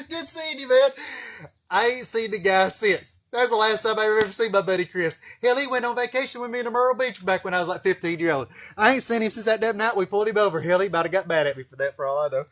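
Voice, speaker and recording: Man, casual comic storyteller, profane, folksy, fairly high-pitched voice. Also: quick pace, few pauses, fairly bright tone.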